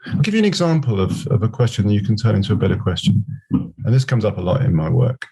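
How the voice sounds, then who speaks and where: Quick and sing-song, this middle-aged man's low voice is gravelly and warm with a breathy edge. As a scrum master guesting on a podcast, he speaks reflectively in conversation, sharing stories with quoted dialogue.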